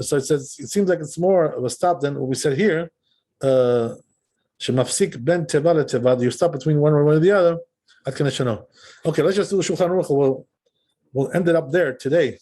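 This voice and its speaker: A man's voice: fairly high pitch, brisk, a little mellow. A man teaching a text class as a rabbi. He reads passages aloud and explains them in an easygoing way, often checking in with the listeners. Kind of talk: text study lesson, reading and translating.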